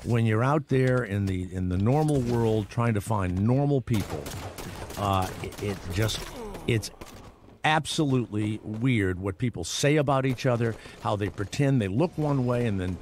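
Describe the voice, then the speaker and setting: A man's voice: on the low side, measured pace, darkish tone, slight background noise. A middle-aged man hosting a morning radio show, rambling and sarcastic, with lots of restarts and asides.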